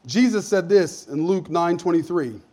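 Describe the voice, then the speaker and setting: A man preaching a sermon as a pastor, talking in a conversational way that sinks to soft asides and climbs to emphatic points. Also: high voice, lively intonation, moderate pace.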